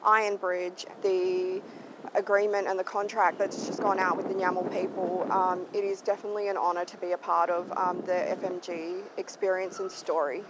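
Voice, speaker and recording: A woman's voice: on the low side, flat delivery, normal speed, background noise. A woman speaking hesitantly in an interview, with many fillers.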